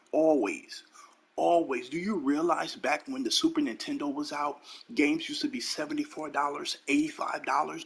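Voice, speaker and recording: A man's voice: a little high, a bit bright, slightly rough. A man hosting his own gaming channel, ranting heatedly and profanely, repeating lines for emphasis.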